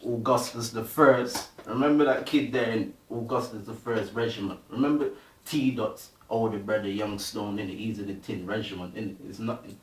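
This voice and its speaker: A man's voice: on the low side, steady tone, normal speed, a little hiss or hum. Young male Bristol MC, slangy street talk and freestyle bars, roomy sound, heard from across the room. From Bristol, England. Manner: slang-heavy, keeps asking "you get me", "innit". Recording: roomy, distant from the mic.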